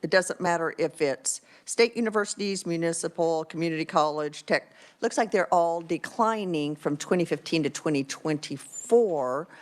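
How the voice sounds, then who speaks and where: A woman with a notably low pitch questions a presenter in a committee hearing. She thinks aloud as she works through the numbers, polite and a little apologetic. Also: moderate pace. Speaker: legislator, vice chair. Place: legislative committee room.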